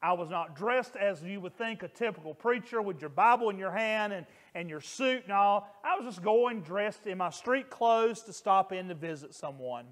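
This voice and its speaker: A man's voice: sits high, animated, moderate pace, few pauses. A middle-aged male pastor telling a story in a sermon, earnest and emphatic, lifting his voice for quoted lines.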